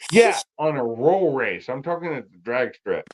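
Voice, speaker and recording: A man's voice: medium pitch, big pitch swings, moderate pace. Blunt man swearing through casual chat. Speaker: guest on a car livestream.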